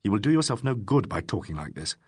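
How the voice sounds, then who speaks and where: A man doing a placid, low-voiced police inspector. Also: big pitch swings, quick pace, slightly rough. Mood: calm. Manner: placid, quietly firm. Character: calm, dry-witted police inspector.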